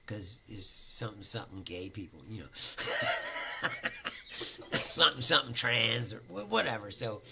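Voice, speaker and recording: A man hosting his own show, talking in a crisp, bright, gravelly voice. He rambles, swears freely and chuckles at his own jokes as he tells a story, with a faint hum of noise behind him. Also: medium pitch. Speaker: podcast host. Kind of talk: casual monologue, storytelling.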